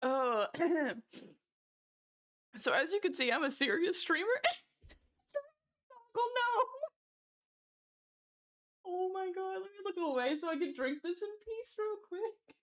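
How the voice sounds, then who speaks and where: A woman's voice: very high-pitched, animated, measured pace, pauses often, fairly bright tone. A woman livestreamer chatting casually, reading chat jokes aloud with frequent giggles and short exclaimed protests.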